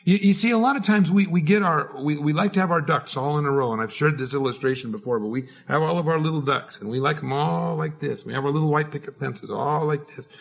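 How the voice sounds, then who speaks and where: Male pastor, raised pitch, husky tone, informal sermon delivery with restarts. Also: quick pace, hardly any pauses. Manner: informal, repeats words while preaching. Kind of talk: conversational sermon.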